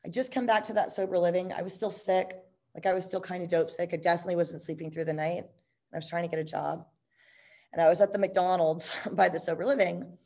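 A woman with a somewhat low voice tells a personal story with raw candor. She talks bluntly and swears freely, scattering "like" and "you know" through her sentences. Her delivery is animated and she laughs easily as she goes. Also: fast.

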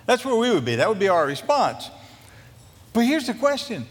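A man preaching a sermon as a pastor, telling a Bible story in a lively, joking way and acting out what the characters say. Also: very high voice, brisk, big-room sound. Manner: animated, jokey storytelling that acts out scripture quotes.

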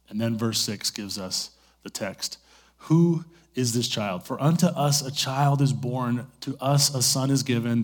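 Man preaching a chatty sermon. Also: mid-range voice. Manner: conversational storytelling with many asides. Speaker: pastor.

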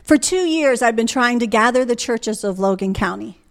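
A middle-aged woman delivers a sermon from the pulpit. Her voice sits high, and she presses her listeners with one rhetorical question after another. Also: lively intonation, moderate pace. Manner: emphatic, rhetorical questions to the congregation. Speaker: guest preacher.

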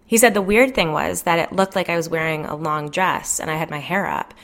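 A woman's voice: on the low side, brisk, fairly bright tone. Jen, a woman playing a frazzled, gossipy suburban mom. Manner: agitated, complaining, swears, fillers like "like". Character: stressed, gossipy suburban mother, adult woman.

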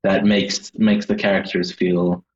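A man's voice: deep voice, level tone, a little slow, lo-fi sound, a little hiss or hum. A man with a Swedish accent, a game designer talking hesitantly as a guest and searching for his words. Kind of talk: casual interview chat.

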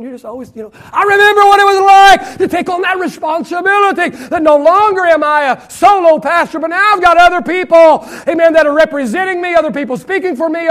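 A middle-aged pastor delivers a sermon in a voice unusually high for a man. He shifts between loud, shouted emphasis and soft, hushed asides, slowing and drawing out key phrases to drive them home.

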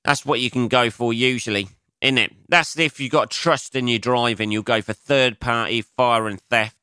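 A young adult man doing a casual solo podcast monologue as a comedian, swearing a lot, mocking himself and answering his own asides in a higher voice. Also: steady tone, moderate pace, sharp tone, clear, resonant tone, dry recording, studio quality.

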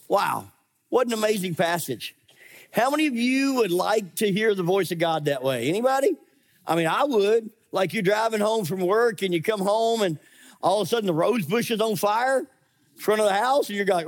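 A middle-aged male pastor preaching a sermon, animated and acting out voices in his stories. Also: high-pitched, normal speed. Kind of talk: sermon with scripture reading.

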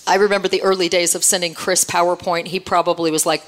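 A woman's voice: fairly low pitch, little pitch movement, fast talker. A woman preaching a sermon to a congregation, teasing them with playful asides and quizzing the room. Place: church hall with congregation.

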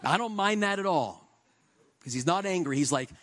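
Earnest conversational male preacher, higher voice. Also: animated, normal speed. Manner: conversational and earnest, with swings between soft and emphatic. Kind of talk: sermon.

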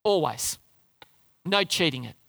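A man preaching a sermon in a lively, conversational way, often asking the congregation questions. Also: fairly high pitch, unhurried, gravelly, no room sound. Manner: lively, conversational, asks the crowd questions, restarts.

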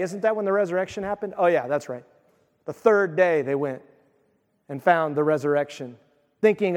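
A male pastor preaching a sermon in an animated way, acting out the voices of biblical figures as he reads. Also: sits high, long reverb tail.

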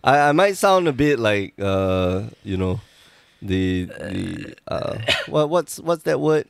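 Gravelly-voiced man hosting a podcast. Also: lowish voice, very animated, slow, no room sound. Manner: joking, rambling, self-deprecating. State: sore tongue, slight lisp. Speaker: podcast host. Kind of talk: casual podcast chat.

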